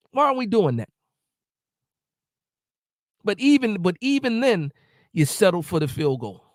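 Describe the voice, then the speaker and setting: A high-sitting male voice, recorded dry with studio quality, hosts a live stream reacting after a game. He rants with emotion, says things over again, and keeps up with the chat, reading and responding to it.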